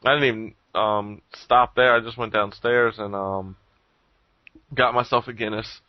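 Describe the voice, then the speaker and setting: A man's voice: fairly low pitch, measured pace, dry recording. A man co-hosting a podcast, telling a story in casual chat, swearing a lot and acting out what others said. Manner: animated storytelling, swears a lot, acts out quotes. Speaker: podcast co-host. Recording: dull lo-fi recording.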